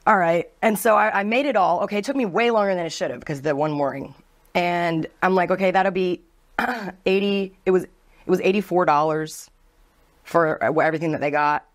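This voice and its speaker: A woman bartender, a guest on a talk show, telling casual stories in a chatty, animated way. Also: lowish voice, a little fast. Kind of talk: casual storytelling.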